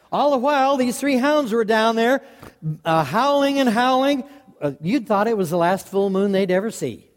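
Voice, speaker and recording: A man telling a folksy story to a live audience in a lively, animated way, chuckling as he goes. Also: high voice. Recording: long hall reverb.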